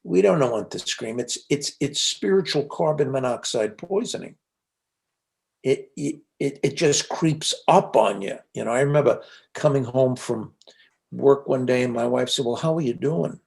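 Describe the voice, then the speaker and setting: A man's voice: mid-range voice, normal speed, gravelly, a little mellow. A man being interviewed, telling reflective stories in a conversational way with frequent restarts. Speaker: interview guest, psychologist and author.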